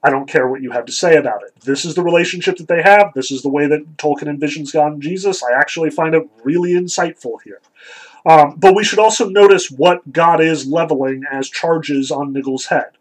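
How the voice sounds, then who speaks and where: A man's voice: fairly high pitch, a little fast, poor audio. A man giving a lecture, reading and analyzing passages from a story in a thoughtful, explanatory way with frequent ums and likes. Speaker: literature lecturer.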